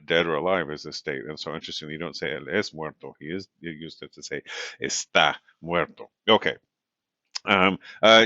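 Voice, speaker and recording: A man giving a recorded lecture as a language instructor, relaxed and full of fillers, checking in with "right?" often. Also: low-pitched, no room sound. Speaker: Spanish instructor. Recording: dull, lo-fi recording.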